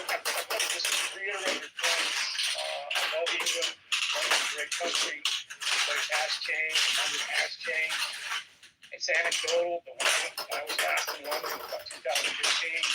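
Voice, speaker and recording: A man hosts a live political talk stream, often stalling and repeating his words. His voice sits fairly high. He is picked up from a distance, with heavy noise behind him. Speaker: host. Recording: distant mic with loud noise.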